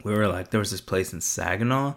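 A man's voice: lowish voice, fairly quick. A young man telling stories to a camera in a casual, rambling, profane way, with many fillers and bursts of laughter. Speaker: vlogger. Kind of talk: casual storytelling.

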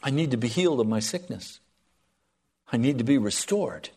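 A man preaching a sermon to a congregation, swinging from loud pleading to soft, hushed lines. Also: mid-range voice, animated, normal speed, creaky, breathy edge.

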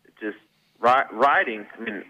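A man's voice: medium pitch, moderate pace, dry recording. A man who used to race, calling in and chatting in a laid-back, rambling way. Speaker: phone guest, former racer. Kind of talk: casual phone chat. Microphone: phone. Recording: dull phone-in line.

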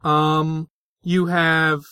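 A man's voice: fairly high pitch, level tone, extremely slow, pushed and bright, clear, resonant tone, dry recording. A man co-hosting a podcast, explaining linguistics in a casual, hesitant way with many fillers and restarts. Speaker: podcast co-host.

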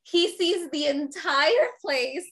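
A woman telling a personal story in an expressive way. She often ends her sentences with "right?" and acts out the voices of the people in her story. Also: high voice, takes it slowly. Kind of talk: animated anecdote telling.

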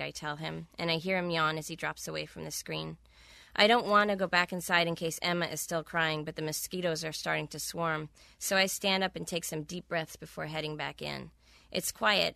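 Gravelly low-voiced woman reading. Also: fairly even intonation, normal speed, bright, forceful tone, no room sound. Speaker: author. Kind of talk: reading from her novel.

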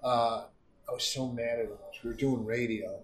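A middle-aged man spins profane, animated stories. His voice rings a little in a roomy studio with a faint hum underneath. His pitch sits in a middle range. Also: moderate pace, recorded from a distance. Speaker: comedian guest. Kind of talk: casual storytelling.

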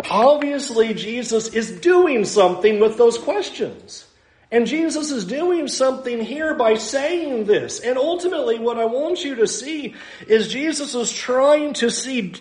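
Man, pastor, sermon, high voice, slow, conversational, acts out asides. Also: sing-song, a little mellow, roomy sound. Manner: conversational, self-deprecating preaching with acted-out asides.

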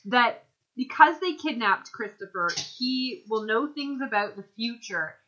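A woman's voice: lively intonation, unhurried, bright, forceful tone, highs cut off, a little hiss or hum. A woman co-hosting a casual podcast chat, retelling scenes playfully. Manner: playful, acts out quotes with big pitch swings. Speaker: podcast co-host.

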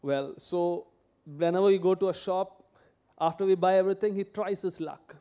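High-voiced pastor preaching conversationally. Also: male voice, fairly even intonation, moderate pace, dark tone, clean tone. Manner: conversational, asks the congregation questions, tells personal anecdotes. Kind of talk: sermon.

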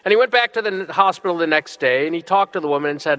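A middle-aged bishop's bright, somewhat high voice echoes with the long reverb of a big church hall as he gives a sermon. He is earnest and animated, with a clean tone, stressing slow, emphatic phrases.

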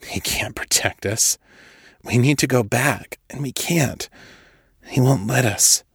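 A man voicing a frail, sickly young man who rasps and whispers in short, halting, strained phrases. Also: mid-range voice, no echo, clean studio sound, pitched above the performer's own voice, full character voice. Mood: weak. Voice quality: raspy, breathy whisper. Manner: strained, halting, forced through the teeth.

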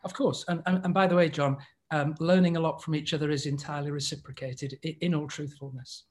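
A man's voice: a little high, steady tone, a little fast, a little mellow. An English man in his sixties, a podcast guest, talking politely and in a friendly way, stumbling a bit at the start of sentences. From England. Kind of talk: casual interview chat.

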